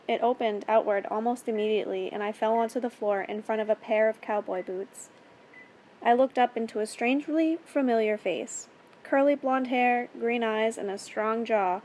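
A woman narrating a first-person story in a steady, plain reading voice. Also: on the high side, slight background noise.

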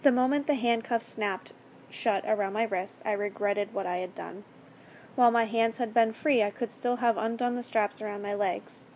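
A woman reading a first-person story aloud in a steady, earnest way. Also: medium pitch, normal speed, slight background noise. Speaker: story reader.

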